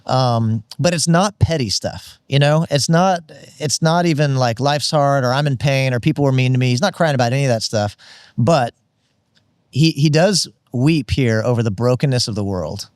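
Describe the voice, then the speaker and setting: Speaking at normal speed with a medium-pitched voice, this podcast co-host sounds crisp in an echo-free studio recording. He takes an earnest, teaching approach on a casual Bible discussion show, unpacking the Greek and the surrounding verses.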